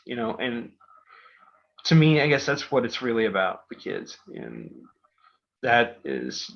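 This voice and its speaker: Middle aged dad host rambling thru a story, lots of ums, mid-pitched voice, muffled sound. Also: male voice, gravelly, fairly bright tone. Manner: rambling, full of fillers and restarts. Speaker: podcast host. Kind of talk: casual storytelling. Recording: dull lo-fi podcast audio.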